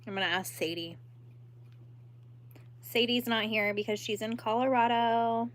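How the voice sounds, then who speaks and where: A woman's voice: fairly high pitch, steady tone, unhurried, a little hiss or hum. A young woman hosting a crochet livestream, chatting casually and laughing while she answers viewers and works.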